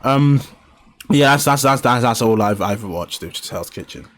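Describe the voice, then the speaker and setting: A man hosting a casual podcast chat, swearing freely and getting excitable as he retells things. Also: mid-range voice, moderate pace. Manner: swearing, excitable, acts out shouted quotes. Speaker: podcast host.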